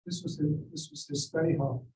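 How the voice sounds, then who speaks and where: A man's voice: a little high, fairly even intonation, dark tone. Older man telling stories in a roomy hall. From Seneca Nation. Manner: measured, reflective, quotes people in acted voices. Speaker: forum speaker. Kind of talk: personal storytelling. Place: school district forum room. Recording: roomy, distant mic with faint ambience.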